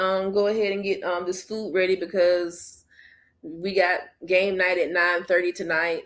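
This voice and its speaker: A woman hosting a casual livestream, gently coaxing and soothing a child, then chatting easily with her viewers. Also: mid-range voice. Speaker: livestream host and mother.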